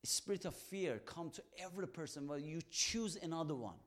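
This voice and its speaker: A man with a fairly high voice preaching in earnest. He tells his story with conviction and acts out the conversations in it. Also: lively intonation, moderate pace, fairly bright tone. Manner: earnest storytelling in non-native English, acts out dialogue. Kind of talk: testimony sermon.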